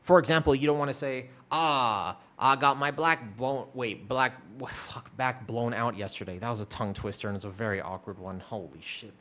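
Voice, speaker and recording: A man's voice: lowish voice, steady tone, brisk, few pauses. A man streaming, chatting casually with viewers, rambling and self-deprecating, swearing casually.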